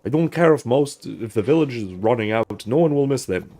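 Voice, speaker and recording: A man's voice: medium pitch, expressive, brisk, warm tone, no room sound. A man voicing a cruel, dismissive male overseer, reading a letter aloud in a wandering put-on accent. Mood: callous.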